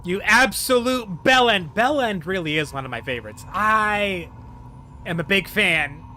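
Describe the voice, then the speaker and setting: A man streaming a game live, talking to himself and his chat in an excitable way and laughing often. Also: high-pitched, unhurried, a little hiss or hum. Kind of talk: live gameplay commentary and chat banter.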